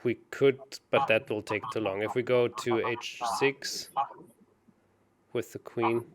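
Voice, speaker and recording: A man co-hosting a chess show, working through puzzles out loud in a hesitant, self-mocking way. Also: mid-range voice, steady tone, slow. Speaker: chess co-host solving puzzles. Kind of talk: casual puzzle-solving chat.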